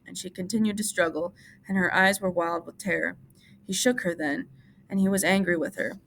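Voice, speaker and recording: A woman teacher reads a novel aloud for class in an audiobook style, steady and measured. Her voice is low with a gravelly fry, and a faint hiss sits underneath.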